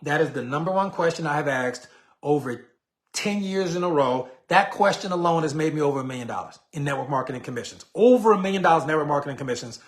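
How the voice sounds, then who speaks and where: A man's voice: fairly high pitch, animated, quick pace. A man in a casual, slangy live teaching session on network marketing, acting out sample messages in between.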